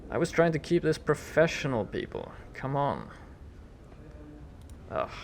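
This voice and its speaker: Gravelly man casually playing a game. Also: fairly high pitch, huge pitch swings, a little slow, slight background noise. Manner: joking asides, self-correcting. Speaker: let's play host. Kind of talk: casual let's play commentary. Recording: game music playing behind.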